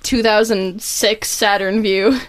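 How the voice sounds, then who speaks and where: A woman's voice: mid-range voice, little pitch movement, slow. A young woman co-hosting a podcast, chatting casually and a bit tipsy, swearing and full of filler words. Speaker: podcast co-host.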